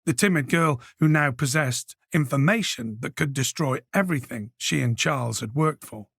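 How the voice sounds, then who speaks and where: A man reading a crime thriller audiobook with measured, scripted narration. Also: fairly high pitch, gravelly, fairly bright tone, breathy edge, no room sound, studio quality. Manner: measured storytelling.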